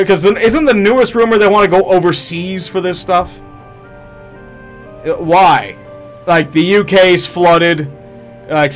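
A man live-streaming a game, swearing, joking with viewers and hurling mock-heroic taunts at enemies. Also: fairly high pitch. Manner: profane, jokey, chats with viewers. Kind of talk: casual live-stream commentary.

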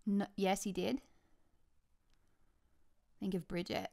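An Australian woman hosts a relaxed podcast from home, bubbly and chatty. She talks in an easy, friendly flow and breaks into laughter often. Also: mid-range voice, takes it slowly, vocal fry. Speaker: podcast host. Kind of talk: casual chat.

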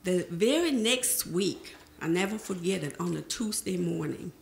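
A woman's voice: on the low side, measured pace, creaky, roomy sound. A middle-aged woman telling her life story to an audience as a panel speaker, acting out remembered conversations. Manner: lively storyteller who acts out remembered conversations. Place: presentation room.

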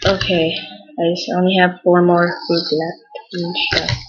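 Young woman, casual let's play commentary, easily frustrated, lots of exclamations, unhurried. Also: on the low side, background noise. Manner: excitable, exclaims often, frustrated outbursts. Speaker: gamer.

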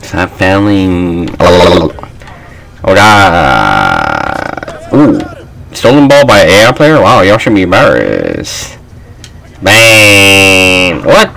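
A young man riffs through his basketball video game session, complaining and trash-talking his teammates. His voice sits low but leaps high and loud when he is outraged. Between outbursts his words come slow and drawn out. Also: creaky, slight background noise, poor audio. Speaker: gaming channel host. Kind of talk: live gameplay commentary.

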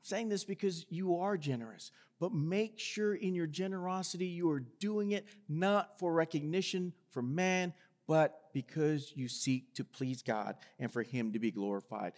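A man delivers a sermon from the pulpit in a notably high voice. He speaks earnestly to the congregation and reads scripture aloud with rising force. The sound rings with the long reverb of a large church hall. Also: normal speed, darkish tone. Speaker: pastor. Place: church sanctuary.

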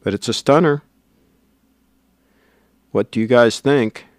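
A man's voice: medium pitch, takes it slowly, no room sound. A man hosting a casual livestream, rambling and reading out viewer comments. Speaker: livestream host.

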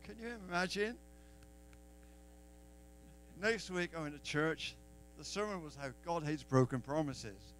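A man's voice: on the high side, lively intonation, unhurried, pauses often, fairly bright tone, slight background noise, rough recording. A man from England with an English accent giving a personal testimony at a church open mic, acting out the dialogue in his story. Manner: storyteller who acts out quoted dialogue.

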